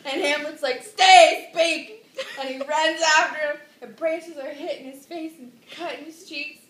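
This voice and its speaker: A woman's voice: high-pitched, fairly even intonation, normal speed, pushed and bright, reverberant. A woman telling a classic story in a rambling, giggly way, with sudden dramatic outbursts. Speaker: drunk storyteller. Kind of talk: tipsy comic retelling of a classic play.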